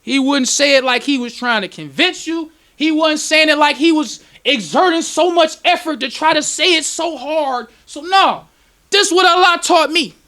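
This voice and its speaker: A man, a minister, preaching a lecture at a temple in an excitable, emotional way, breaking into sudden shouts. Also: extremely high pitch, moderate pace.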